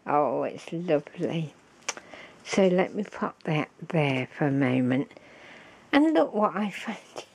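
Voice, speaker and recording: A woman, slow and fond, showing off a handmade craft gift on her vlog and gasping with delight. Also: deep voice, big pitch swings, vocal fry, darkish tone, husky. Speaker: crafting vlogger. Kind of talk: casual show-and-tell of a craft gift.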